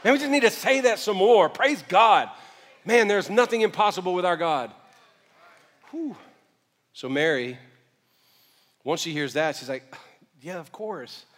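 A male pastor preaching a sermon, moving from quiet storytelling to shouted calls to the congregation. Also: high-pitched, lively intonation, unhurried, pauses often, long reverb tail.

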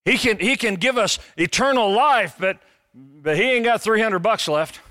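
Bright-voiced joking male pastor. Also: high-pitched, normal speed, dry recording, studio quality. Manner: animated, joking, conversational preaching. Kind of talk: sermon.

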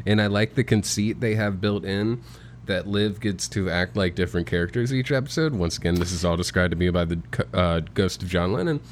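A man's voice: low-pitched, brisk, a little hiss or hum. A man co-hosting a podcast in casual chat, full of dry joking asides. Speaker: podcast co-host. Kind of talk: casual chat about TV shows.

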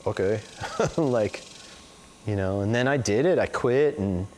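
A forty-something man being interviewed tells long, loose stories packed with "like" and "you know." His medium-pitched voice is a little mellow with lively intonation, and he speaks slowly over slight background noise.

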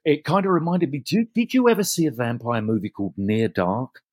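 A man, a guest actor, telling animated stories in a casual interview and often restarting his sentences. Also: mid-range voice, a little fast, husky, dry recording. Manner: animated anecdotes with frequent restarts.

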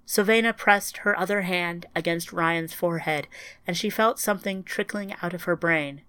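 A woman narrating a scripted audiobook in a quiet, even storytelling manner. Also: lowish voice, moderate pace, clear, resonant tone, dry recording.

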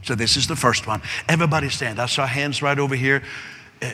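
A man's voice: mid-range voice, fast talker, pushed and bright. A man preaching a sermon as pastor, earnest and repetitive, building to a fervent prayer. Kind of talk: sermon with altar call. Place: large church hall. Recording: long echo of a large hall.

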